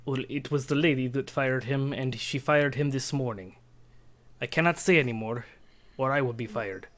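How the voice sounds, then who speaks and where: A man's voice: mid-range voice, moderate pace, fairly bright tone, natural voice. A man voicing a stiff, formal male house servant who guards a door and speaks curtly without contractions.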